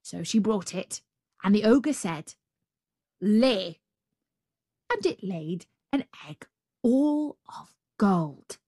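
Slow rhythmic woman storyteller. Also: medium pitch, sing-song, dark tone, slightly rough, no echo, studio quality. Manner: slow, rhythmic, building repetitions. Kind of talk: fairy tale read aloud.

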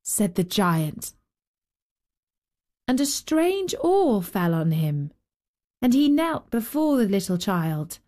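Slow, lively woman reading a storybook. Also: mid-range voice. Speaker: storyteller host. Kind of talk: scripted narration.

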